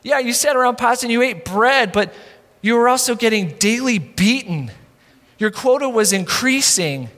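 A male pastor delivers a conversational sermon in a high voice. He slips in wry asides and punches his rhetorical questions hard. Long reverb from the church sanctuary trails each phrase. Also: expressive, normal speed, a bit bright.

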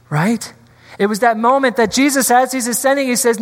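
Animated preacher in a reverberant church. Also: male voice, very high voice, brisk. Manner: animated, acts out scripture scenes in voices. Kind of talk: sermon. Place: church sanctuary. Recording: long hall reverb.

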